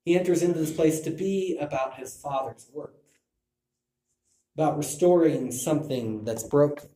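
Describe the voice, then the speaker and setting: Male Bible teacher, mellow tone, restarts often, roomy echo. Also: on the high side, normal speed. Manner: thinking aloud with restarts. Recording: echoey room.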